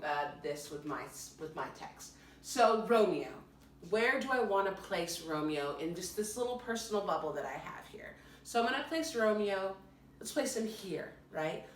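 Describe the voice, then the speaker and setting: A woman's voice: on the low side, fairly bright tone, recorded from a distance, slight background noise. An upbeat woman drama teacher leads an online lesson from her apartment. She gives encouraging, step-by-step instructions. Her voice carries a roomy echo and sits back from the microphone. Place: home apartment. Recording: roomy echo, mic set back from the speaker.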